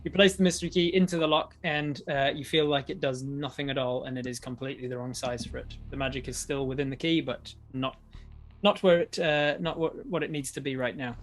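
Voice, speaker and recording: A man's voice: medium pitch, steady tone, fairly quick, a crowd in the background. A man with an Australian accent running a tabletop game as dungeon master, narrating with frequent laughs. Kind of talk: game narration for a live stream.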